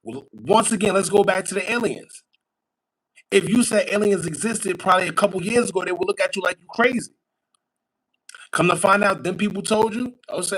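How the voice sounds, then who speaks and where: A man's voice: sits high, fairly quick, fairly bright tone, rough recording. A man hosting a casual commentary show, talking in a wry, conspiratorial way and tossing out rhetorical questions. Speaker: podcast host.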